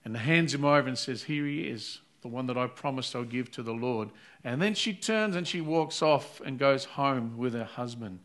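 A man's voice: medium pitch, a bit bright. A man preaching an earnest sermon, retelling a Bible story and acting out its voices. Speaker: pastor.

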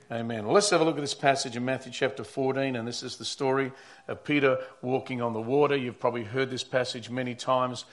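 Delivering a Sunday sermon, this medium-pitched male pastor keeps things conversational. His delivery alternates between booming emphatic statements and hushed asides.

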